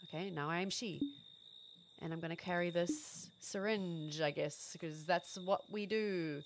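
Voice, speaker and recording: A woman's voice: on the low side, moderate pace, faint music behind. A young woman streaming a game, chatting casually to her viewers and laughing often. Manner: animated, laughs often, talks to chat. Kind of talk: casual gameplay commentary.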